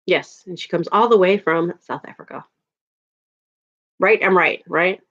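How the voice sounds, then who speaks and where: A woman in her thirties from the Chicago area hosts a casual livestream, chatting with viewers and laughing often. Her voice is fairly low, unhurried and a bit bright, and the home stream audio is dull and lo-fi.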